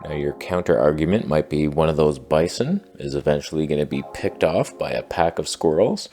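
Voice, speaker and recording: A man delivering a deadpan satirical monologue in a mock-earnest, sarcastic tone. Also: very deep voice, moderate pace. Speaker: satirical commentator.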